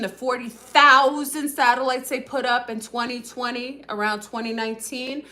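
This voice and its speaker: Fast-talking woman livestream host. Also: fairly high pitch, sharp tone. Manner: fast-talking, rambling with many fillers; addresses viewers directly. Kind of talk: casual livestream monologue.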